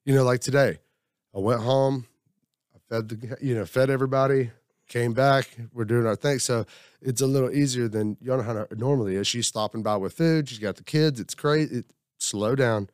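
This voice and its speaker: This man, a member of the group, shares his week in a loose, rambling, self-reflective way, performing other people's lines as he goes. He has a medium-pitched, slightly mellow, smooth voice and a moderate pace. There's no echo, just clean studio audio.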